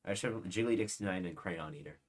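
Low-voiced, giggly young male podcaster. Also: fast talker. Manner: giggly, teasing. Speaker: podcast co-host. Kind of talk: casual chat.

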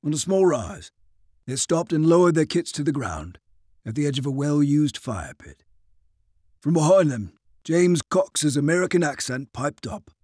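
A man narrating an audiobook chapter in an expressive storytelling voice. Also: a little high, moderate pace, breathy edge, dry recording, studio quality. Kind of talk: scripted narration.

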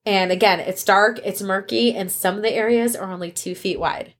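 A woman's voice: mid-range voice, steady tone, moderate pace. A woman co-hosting a casual podcast, retelling a news story in a chatty way and acting out what people said. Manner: storytelling, retells events with quoted voices. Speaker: podcast co-host. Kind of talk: casual chat.

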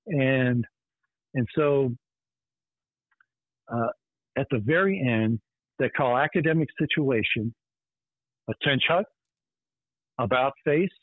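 A podcast host telling a personal story in an earnest, intense way. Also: male voice, medium pitch, breathy edge, dry recording. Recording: tinny phone-like line, dry.

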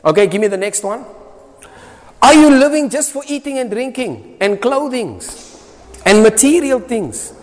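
A man with a South African accent preaching a sermon, emphatic and repetitive, his voice swinging between loud and soft. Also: very high-pitched, very animated, a little slow. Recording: long reverb of a hall.

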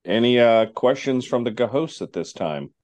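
A man's voice: medium pitch, animated, measured pace, a little mellow, no room sound. A man hosting a casual chat, wry and moderating the conversation. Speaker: host.

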